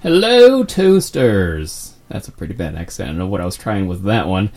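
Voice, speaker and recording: A man's voice: low voice, steady tone, very fast, darkish tone, husky, faint music behind. A young man hosting a casual podcast, joking loosely and rambling between announcements. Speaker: podcast host.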